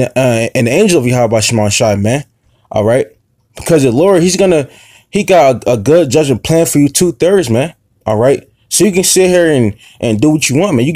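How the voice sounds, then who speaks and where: Halting, confrontational male street preacher. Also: mid-range voice, warm tone, dry recording, studio quality. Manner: halting, many fillers and restarts; confrontational, profane. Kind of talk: informal sermon.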